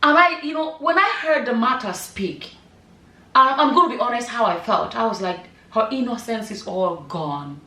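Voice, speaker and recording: A woman's voice: on the high side, lively intonation, moderate pace, bright, forceful tone. A middle-aged woman giving casual vlog commentary, emphatic and full of rhetorical questions and "you know" asides. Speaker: vlogger. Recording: echoey room, voice a bit far from the mic.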